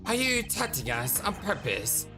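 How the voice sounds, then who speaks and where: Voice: mid-range voice, sing-song, unhurried, music in the background. A game streamer voicing a combative male agent with a taunting, sing-song delivery.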